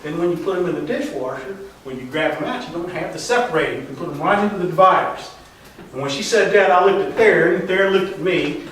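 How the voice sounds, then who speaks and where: A middle-aged man telling a rambling, folksy story to a live audience, halting with fillers. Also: high voice, expressive, fairly bright tone, slight background noise. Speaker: storyteller at a tall-tale contest. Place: contest stage in a hall. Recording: distant, echoey hall recording.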